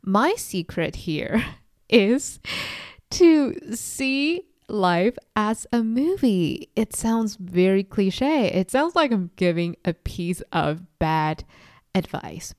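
A woman's voice: lowish voice, darkish tone, dry recording, clean studio sound. A woman in her twenties hosting a solo podcast, talking in a reflective, confiding way and sometimes mimicking people sarcastically. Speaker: podcast host.

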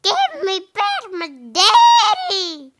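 A man's voice: very high voice, huge pitch swings, drawn-out words, sharp tone, pitched above the performer's own voice, full character voice. A man voicing an upset little baby fish in a storybook reading. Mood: wailing.

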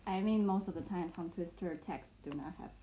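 Young woman podcast host, relaxed and soft-spoken, mellow voice, slightly dull lo-fi recording. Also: on the low side, brisk, slight background noise. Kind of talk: casual chat.

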